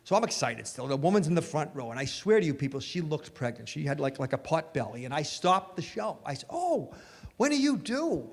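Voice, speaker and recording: Loud middle-aged comedian in an echoey club. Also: male voice, on the high side, quick pace, gravelly, few pauses. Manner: loud, animated storytelling with shouted punchlines. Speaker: stand-up comedian. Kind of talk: stand-up comedy set. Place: comedy club stage before a live audience. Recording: live club recording, echoey hall with crowd noise.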